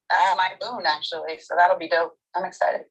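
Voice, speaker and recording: A woman's voice: lowish voice, steady tone, normal speed, slightly rough, rough recording. A woman explaining things in an upbeat way during a casual audio-room chat.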